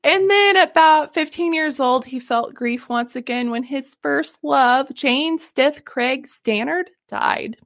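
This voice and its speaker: A woman with a high voice hosts a casual history podcast. She tells the story in an animated, joking way, laughing and swearing along. The sound is dry and close. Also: slow, hardly any pauses, no room sound. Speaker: podcast host.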